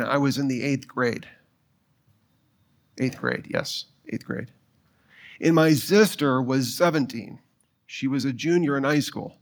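A middle-aged man preaching a sermon, telling a personal story and putting quick questions to his listeners. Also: medium pitch. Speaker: pastor.

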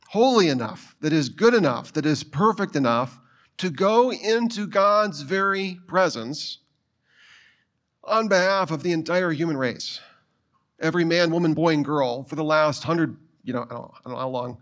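A middle-aged man preaching a sermon, telling a personal story and putting quick questions to his listeners. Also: a little high, a bit bright. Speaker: pastor.

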